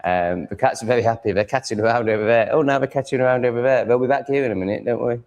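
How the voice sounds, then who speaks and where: At home in a room with cats, an English-accented man chats on a livestream, blunt, profane and ranting at his audience. His voice is medium-pitched and darkish, he talks at a racing pace, and the recording is muffled.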